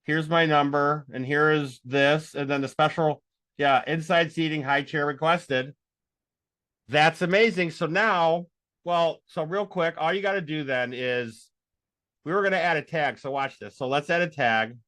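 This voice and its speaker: A man teaching a live software tutorial, excitable and rambling as he thinks aloud. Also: fairly high pitch, measured pace, no echo. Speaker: instructor.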